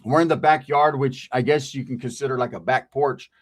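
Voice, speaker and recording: A man's voice: mid-range voice, a little fast. A man from Central California telling a casual street story in a profane, streetwise way, often tagging lines with "right?".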